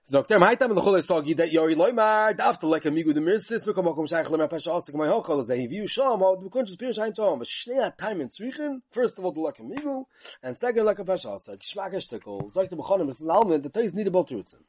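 With a high-pitched, slightly rough voice, an animated man gives a yeshiva-style Talmud lecture. As a Talmud teacher, he chants in a sing-song way, adding quick asides and rhetorical questions.

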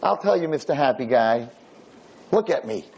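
A man's voice: mid-range voice, animated, normal speed, vocal fry, a little mellow, slightly rough, highs cut off. A man voicing a miserable, grumpy old blind man who snaps and pushes people away. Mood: bitter. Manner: bitter, snapping, raised voice.

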